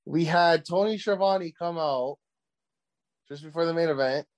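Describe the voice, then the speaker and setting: A man co-hosting a casual podcast chat, excitable, swearing freely and padding his talk with filler words. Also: fairly high pitch, a little slow. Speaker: podcast co-host.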